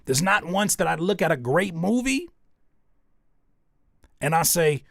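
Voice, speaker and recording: A man's voice: on the high side, big pitch swings, a little slow, vocal fry, fairly bright tone, no room sound, studio quality. A man giving spoken feedback on songs as host, coaching analytically and thinking aloud as he searches for words. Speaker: music reviewer.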